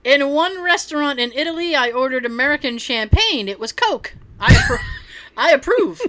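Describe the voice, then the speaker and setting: High, sparkly woman host, lots of laughs, casual swearing, reading listener stories. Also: big pitch swings, moderate pace, a bit bright. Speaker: podcast co-host.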